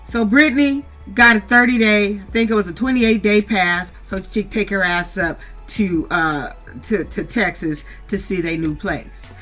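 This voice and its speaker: Over soft background music, a middle-aged woman from San Diego talks at normal speed with hardly any pauses, her mid-range voice a bit bright. She gives a blunt, profane reality show recap, cursing freely and scolding the cast head-on.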